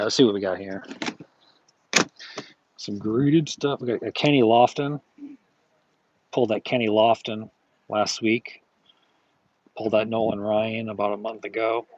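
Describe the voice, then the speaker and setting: A man's voice: lowish voice, a little mellow, dull audio. A man streaming from his flea market stall, chatting casually in a rambling way, with many fillers and self-corrections. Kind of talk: casual live-stream chat.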